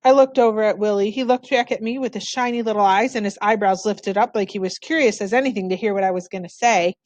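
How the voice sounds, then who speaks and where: A woman's voice: mid-range voice, quick pace, darkish tone, no room sound. A woman reading a children's novel aloud, narrating expressively in the first person. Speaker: storybook reader.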